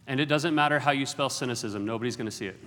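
A man's voice: mid-range voice, racing, fairly bright tone, a little hiss or hum. A middle-aged man preaching as a guest speaker, with jokey self-deprecating asides. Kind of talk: sermon. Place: large auditorium. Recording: long hall reverb.

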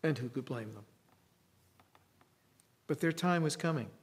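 A man preaching a sermon in a reflective way, with long dramatic pauses. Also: a little high, lively intonation.

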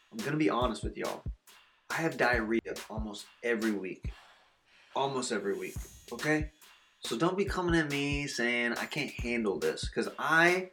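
Dude eating snacks on camera, chill and chatty, faint music behind. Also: male voice, medium pitch, a bit bright. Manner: laid-back, chatty, eating while talking. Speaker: food reviewer vlogger. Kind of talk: casual snack review vlog.

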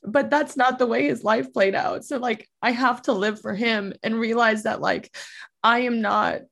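A woman's voice: a little high, moderate pace, vocal fry, a bit bright. A young adult woman speaking openly as an interview guest, casual and emotional, saying "like" and "you know" often. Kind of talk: candid interview conversation. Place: in Los Angeles.

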